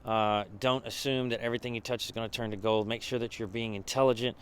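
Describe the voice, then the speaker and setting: A man's voice: medium pitch, steady tone, fast, clear, resonant tone. A man who leads a business mastermind group, giving a casual behind-the-scenes recap, with lots of fillers and restarts.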